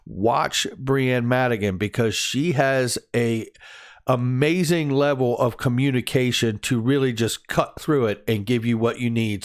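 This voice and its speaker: A man runs through the day's crypto headlines in a loose, conversational way. He is upbeat and enthusiastic, tossing in jokes and laughing at his own quips as he goes. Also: medium pitch. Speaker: crypto news channel host. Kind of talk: casual crypto news commentary.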